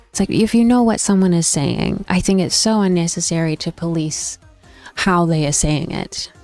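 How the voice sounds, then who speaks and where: With no room sound, a young woman gaming streamer speaks at a measured pace in a fairly low, slightly mellow voice, pausing often. She chats casually in response to her viewers' messages, voicing opinions and restarting thoughts as she goes. Faint stream music sits in the background.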